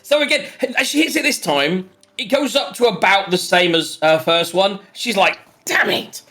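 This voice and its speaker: A man's voice: high voice, moderate pace. A man narrating as game master of a tabletop role-playing game, laughing often and rambling through the scene. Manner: lively, giggly, rambling narration.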